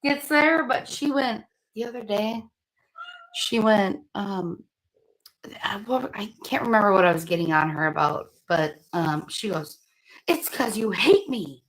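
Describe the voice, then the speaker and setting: A woman's voice: mid-range voice, unhurried, rough recording. A woman chatting casually on a radio panel, blunt and profane as she tells stories. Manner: blunt and profane, animated storytelling. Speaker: parent on a radio talk panel. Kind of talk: casual chat.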